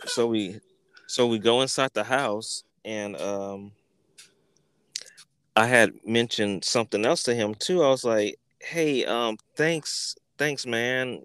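Smooth-voiced man telling a story. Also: lowish voice, no room sound. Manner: animated, profane, acts out quotes. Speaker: podcast host. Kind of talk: casual storytelling.

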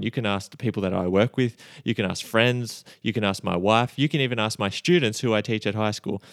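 A man's voice: lowish voice, no echo, studio quality. A young man hosting a devotional podcast, talking earnestly and conversationally and asking his listeners many rhetorical questions. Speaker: podcast host and high school teacher.

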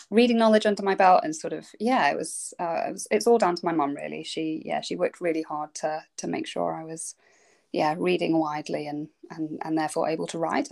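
Creaky-voiced woman, hesitant. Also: sits low, darkish tone. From England. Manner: hesitant, many ums and yeahs. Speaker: children's author, guest. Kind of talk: casual interview chat.

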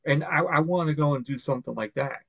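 A man's voice: a little high, quick pace, vocal fry, fairly bright tone, no echo. A man from Long Island hosting a podcast in casual chat, rambling and swearing, with lots of fillers and restarts. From Long Island, New York. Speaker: podcast host. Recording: dull, lo-fi, dry sound.

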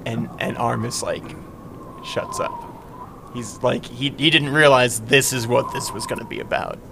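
A man's voice: medium pitch, fairly even intonation, measured pace, creaky, background noise. A man playing a tabletop game, chatting as he describes his character's reactions. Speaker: player. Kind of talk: casual tabletop play.

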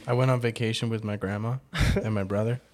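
A man's voice: fairly low pitch, steady tone, a little fast, darkish tone. A man hosting a casual chat, teasing and cracking crude jokes.

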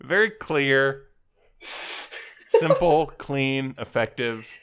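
A man's voice: mid-range voice, expressive, extremely slow, heavy background noise. A man co-hosting a comedy podcast, riffing sarcastically in casual chat and slipping into mock ad voices. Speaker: podcast co-host.

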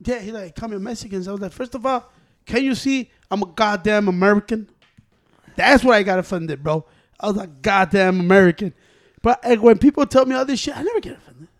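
A young man telling stories in casual chat among friends, animated and profane, often laughing as he talks. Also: high-pitched, fairly quick.

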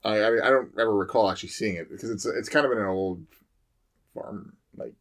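A man's voice: fairly low pitch, brisk. A man, a firefighter, telling a fire call story in casual chat, rambling with many fillers and restarts.

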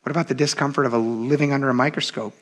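A man's voice: medium pitch, fairly even intonation, rapid-fire. A man in his thirties preaching a sermon, talking conversationally and with animation, addressing the congregation directly as "you guys.". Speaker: pastor.

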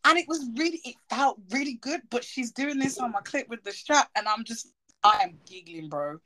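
A woman hosts a podcast, sharing candid stories in casual conversation and giggling often. Her voice is fairly high, bright and forceful, at a normal speed.

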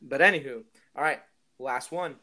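A young man hosting a casual podcast, relaxed and easygoing, asking friendly questions and laughing easily. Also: medium pitch, moderate pace. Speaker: podcast host.

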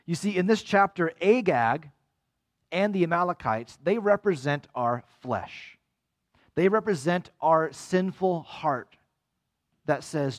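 A man preaching a sermon as pastor, animated and acting out quoted voices with big swings in pitch. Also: takes it slowly.

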